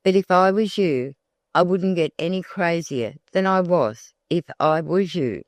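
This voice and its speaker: A sly old countrywoman, as the audiobook narrator puts her on, coaxes in a folksy rural way. Her words come slowly and evenly. The sound is close and dry, with no room around it. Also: mid-range voice, dry recording, close to an everyday voice. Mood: coaxing.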